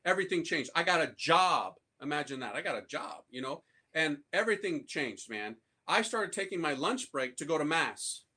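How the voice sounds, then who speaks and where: A priest from the United States tells his conversion story to a live audience in a loose, slangy, animated way. His voice sits a little high for a man and rings bright and forceful. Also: moderate pace, few pauses, slightly rough. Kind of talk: conversion testimony talk to an audience.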